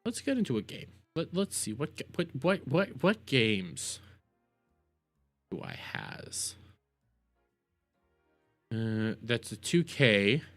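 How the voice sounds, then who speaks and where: A streamer reacting live to clips for chat. The talk is unhurried and loose, with lots of repeated phrases, stammers and laughter. Faint music plays underneath. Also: medium pitch, big pitch swings, no echo.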